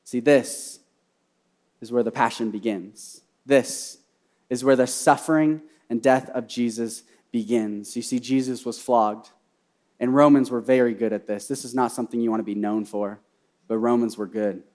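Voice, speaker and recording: A man preaching a sermon, telling the story in an animated way and swinging between loud passages and soft asides. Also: mid-range voice, moderate pace. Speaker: pastor.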